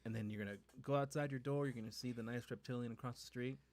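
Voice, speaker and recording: A man co-hosting a podcast in casual chat, laid-back and teasing, pausing often with fillers. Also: medium pitch, steady tone, darkish tone. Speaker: podcast co-host.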